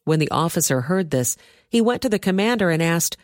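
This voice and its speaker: Low-voiced woman reading scripture. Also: no room sound, studio quality. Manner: steady, measured storytelling. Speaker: scripture reader.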